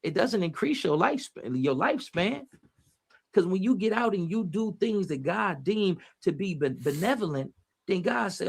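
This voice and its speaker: A man's voice: sits high, very animated, moderate pace, gravelly, slightly rough. A man giving casual, preachy motivational talk on a livestream, using street slang and repeating his phrases as he reads the chat.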